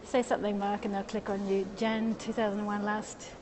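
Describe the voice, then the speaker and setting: She streams live by phone at a normal speed, her mid-range voice level as she reads and answers viewer comments. The walk takes her from the street into a stone stairwell, and the handheld mic catches plenty of noise from both.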